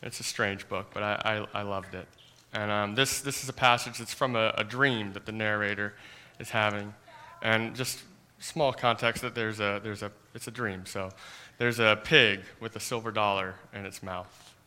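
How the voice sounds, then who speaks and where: A man delivering a sermon with a bright, forward voice. He speaks earnestly, often sinking into a quiet hush, and stumbles over repeated words at the start of his phrases. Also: on the low side, fairly even intonation, normal speed, smooth. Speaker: pastor.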